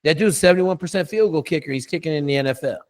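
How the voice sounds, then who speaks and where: A man's voice: a little high, quick pace. A middle-aged man, a coach, telling a story in a casual interview, blunt and profane with lots of emphasis.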